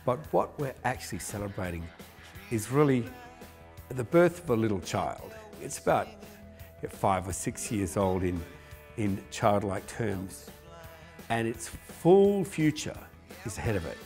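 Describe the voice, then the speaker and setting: A man's voice: lowish voice, sing-song, measured pace, darkish tone, faint music behind. A man, a company founder, telling stories in an earnest, emotional interview. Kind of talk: reflective interview.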